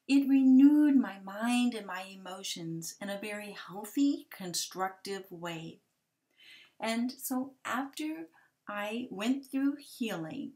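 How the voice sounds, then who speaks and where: A woman in her forties giving a personal testimony talk for a ministry, gentle and halting, with hesitant restarts. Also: mid-range voice. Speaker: ministry speaker sharing testimony.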